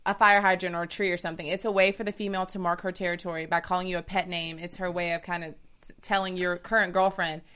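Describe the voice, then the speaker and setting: Fast-talking low-voiced woman. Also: level tone, bright, forceful tone, clean tone. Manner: explanatory, reasoning. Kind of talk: casual group chat.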